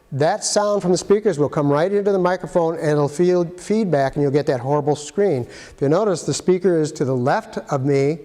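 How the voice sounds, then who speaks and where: A man's voice: on the high side, dark tone. A man giving a casual, practical how-to demonstration as an instructor, talking while he handles equipment. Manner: plain, practical, talks while handling gear. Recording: echoey hall sound.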